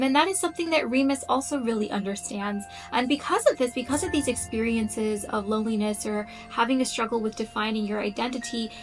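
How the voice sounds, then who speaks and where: Earnest woman explaining over soft music. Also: a little high, rough recording. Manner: earnest, thinks aloud with frequent "um"s. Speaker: astrology content creator. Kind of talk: casual explanatory talk.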